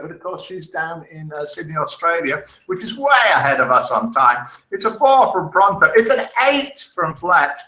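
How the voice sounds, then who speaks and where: A man's voice: fairly high pitch, sharp tone. Chatty man hosting in an echoey room. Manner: chatty, jokey, laughs at his own jokes. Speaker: host of a live online show. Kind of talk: casual live-stream chat, reading viewer comments and telling jokes. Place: indoor room in Spain. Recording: roomy echo.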